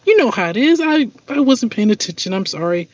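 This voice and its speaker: A man's voice: very high voice, sing-song, a little fast, dry recording, pitched above the performer's own voice. A man voicing a meek, clumsy male shop helper who stammers and apologizes. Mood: apologetic. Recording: dull lo-fi audio.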